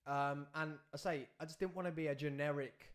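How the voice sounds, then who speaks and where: A young man hosting a podcast, chatting casually and telling anecdotes in quick bursts with trailing asides. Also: a little high, fairly even intonation. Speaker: podcast host. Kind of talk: casual chat.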